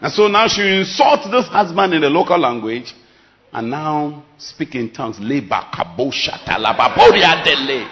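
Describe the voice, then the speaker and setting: A man's voice: a little high, moderate pace. Emphatic preacher man. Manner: emphatic, dramatic preaching with sharp swings in loudness. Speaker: pastor. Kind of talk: sermon.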